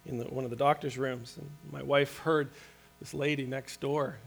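A man's voice: medium pitch, level tone, normal speed, creaky. A man preaching a sermon as a pastor, with an earnest, conversational manner, frequent restarts and light laughter.

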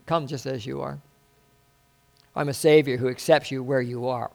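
Gravelly, exclaiming man preaching a sermon. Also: medium pitch, steady tone, normal speed, long pauses, darkish tone. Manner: exclamatory, rhetorical questions. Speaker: pastor.

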